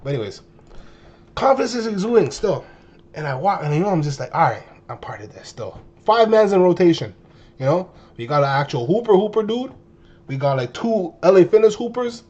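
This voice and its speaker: A young man in his twenties tells a story to his viewers with plenty of slang and playful exaggeration. His slightly high, husky voice swings widely in pitch as he acts out the moments. The sound is a bit dull and lo-fi. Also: sing-song, a little fast, darkish tone. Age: 20s. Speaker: streamer.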